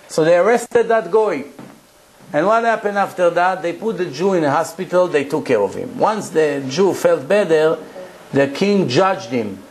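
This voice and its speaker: A rabbi delivers a Torah lecture to a live audience and preaches with emphasis. He tells stories and keeps asking rhetorical questions in a fairly high male voice. A faint background hiss runs under the recording. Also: lively intonation, normal speed, poor audio.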